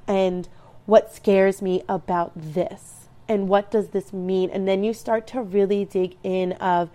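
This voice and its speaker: A woman's voice: mid-range voice, steady tone, slow pace, mellow. A woman in her thirties giving a reflective personal talk, earnest and rambling, with frequent restarts. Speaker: speaker sharing personal growth advice.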